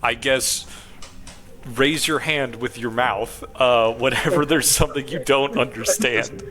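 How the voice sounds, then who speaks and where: A young man streams and retells a horror game's story in a loose, rambling way, full of fillers and the odd swear word. His voice sits at an ordinary middle pitch. It sounds like an unscripted chat between friends. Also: a little slow. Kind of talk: casual game story recap.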